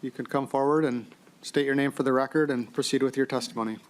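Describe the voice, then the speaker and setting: A man's voice: mid-range voice, fairly even intonation, fast. Procedural man chairing a hearing. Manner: brief, procedural. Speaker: committee chair. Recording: faint background noise.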